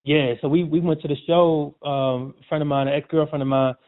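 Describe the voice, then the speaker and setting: A man, a sportswriter guest, telling stories in a relaxed, slangy way during a casual interview. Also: fairly high pitch, fairly quick. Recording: tinny phone-like audio.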